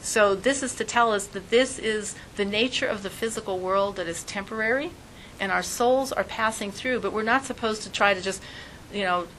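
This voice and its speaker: Animated woman giving a spiritual talk. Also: medium pitch, moderate pace, a little hiss or hum, rough recording. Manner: animated storytelling, frequent "like". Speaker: religious teacher.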